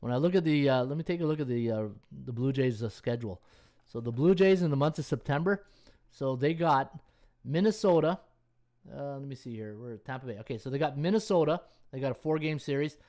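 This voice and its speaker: A man hosting a daily sports betting podcast in a loose, unscripted chat. His voice sits at an ordinary middle pitch, and he rambles, restarts and thinks aloud while checking schedules on screen and reading viewers' chat. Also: a little fast, warm tone. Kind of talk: casual live-stream chat.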